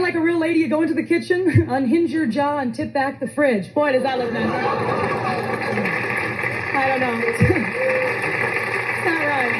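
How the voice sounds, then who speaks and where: A woman's voice: high-pitched, low-quality recording. A woman comedian performing a live stand-up set, telling stories with vocal sound effects and impressions. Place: comedy stage with a live audience. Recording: live club recording with crowd. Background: audience laughter.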